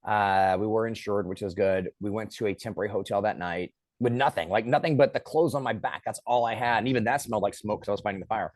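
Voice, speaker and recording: A man's voice: on the low side, fast talker, hardly any pauses, dry recording. Dry-voiced man telling a story. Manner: lively storyteller who acts out quoted lines. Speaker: film director and guest. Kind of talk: casual storytelling.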